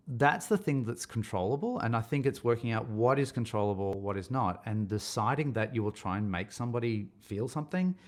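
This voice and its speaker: A middle-aged man, speaking as a podcast guest in a thoughtful, rambling way with many restarts. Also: medium pitch. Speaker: casting director and acting coach. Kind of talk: podcast interview.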